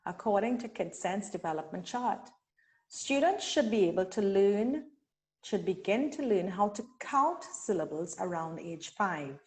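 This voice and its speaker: A woman from Trinidad and Tobago presents a teacher-training webinar. Her pace is slow and measured, and she stretches each syllable when she models words. Her pitch sits in an ordinary middle range. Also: animated, darkish tone. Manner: slow, deliberate, sounds out syllables. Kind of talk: instructional webinar talk.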